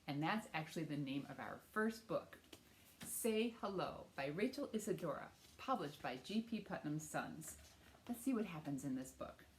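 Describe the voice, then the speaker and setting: A woman, a children's librarian, leads a storytime from her home, talking to young children in an animated, encouraging way. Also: sits low, moderate pace, a little hiss or hum.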